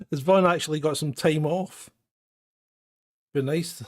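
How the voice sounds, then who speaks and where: Hosting a live phone-in stream, a Scottish man rambles through casual chat, poking fun at himself and chuckling. His somewhat high, darkish voice moves a little slowly, captured in a dry, studio-quality recording.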